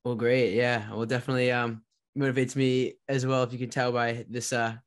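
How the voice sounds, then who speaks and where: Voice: mid-range voice, flat delivery, brisk. A podcast host giving short, encouraging responses and asking questions in a casual interview. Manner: brief encouraging replies.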